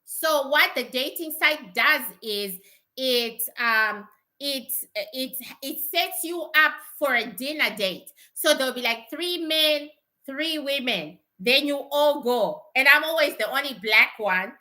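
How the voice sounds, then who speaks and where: Middle-aged woman, very bright and piercing tone, blunt profane livestream chatter who laughs a lot. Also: high-pitched, slow pace. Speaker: spiritual teacher. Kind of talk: casual livestream chat.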